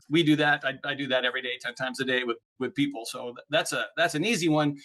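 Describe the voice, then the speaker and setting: A man, a guest on an interview podcast, explaining ideas in an animated, chatty way and often checking in with "right?". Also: on the high side. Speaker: podcast guest, speaker on neuroplasticity. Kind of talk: casual interview chat.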